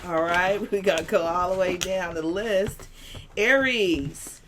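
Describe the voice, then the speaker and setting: Slow-talking chatty woman tarot host. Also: on the low side, noisy background. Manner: chatty, laughing, interrupted by hiccups. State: has the hiccups. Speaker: tarot reader and podcast host. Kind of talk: casual tarot reading chat.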